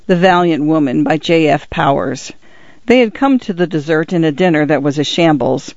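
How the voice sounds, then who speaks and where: Man reading a short story, slightly high voice, dry, dull lo-fi recording. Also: moderate pace, darkish tone, dry recording. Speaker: audiobook reader. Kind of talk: scripted narration of a short story.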